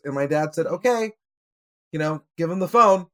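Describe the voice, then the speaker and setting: Man, higher pitch, chatty podcast storyteller, lots of uhs and laughs. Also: moderate pace, bright, forceful tone, clean tone. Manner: storytelling with many fillers and laughs. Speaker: podcast panelist. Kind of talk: casual chat.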